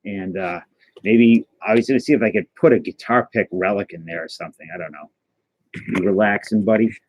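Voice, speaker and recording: A man's voice: low-pitched, brisk, a little mellow, breathy edge. A man hosting a casual livestream, chatting and answering his viewers as he goes. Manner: chatty, answers chat messages aloud, stumbles and restarts. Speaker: livestream host opening trading cards.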